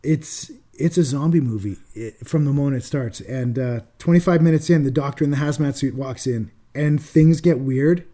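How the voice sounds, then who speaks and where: A man co-hosting a podcast, casually reviewing films with animated retelling and loose swearing. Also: mid-range voice, normal speed, hardly any pauses. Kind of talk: casual film review chat.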